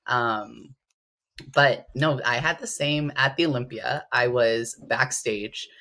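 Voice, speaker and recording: A woman guest in a casual interview, telling stories with strong emotion and big swings in her voice. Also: takes it slowly. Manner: animated, emotional storytelling with big pitch swings. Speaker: interview guest, competitive bodybuilder.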